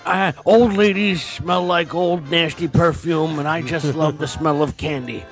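Man putting on a creepy old man voice, rambling, leering, slow, slightly raised pitch. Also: fairly even intonation, faint music behind.

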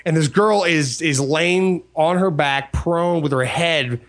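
A man telling a story in casual chat, acting out quoted people in a raised voice. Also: slow. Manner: animated, acts out quotes in a high voice.

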